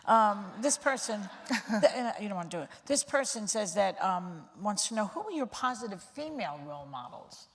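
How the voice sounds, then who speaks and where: A woman's voice: mid-range voice, big pitch swings. Teasing woman interviewer in a hall. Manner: teasing, quick interjections, reads audience questions. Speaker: talk host interviewer. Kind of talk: casual interview chat.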